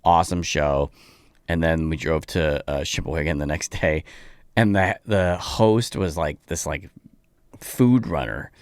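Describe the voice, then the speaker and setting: A man, a comedian guest on a podcast, telling stories in a casual, animated way and acting out other people's lines. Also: rumbling low, unhurried, smooth, dry recording, studio quality. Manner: peppers speech with "like".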